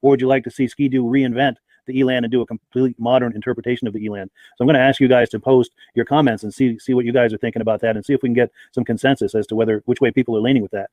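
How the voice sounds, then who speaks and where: A man's voice: medium pitch, fairly even intonation, very fast, darkish tone, no room sound. A man hosting a live podcast, chatting and reading out viewers' names and hometowns. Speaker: podcast host. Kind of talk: live-stream podcast chat.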